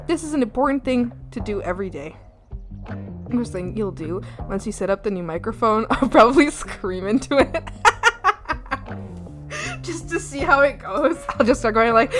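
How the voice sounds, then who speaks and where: A young woman streamer chatting casually to her viewers, rambling and giggling with crude, playful jokes and lots of fillers. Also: fairly high pitch. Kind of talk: casual live-stream chat. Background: soft background music.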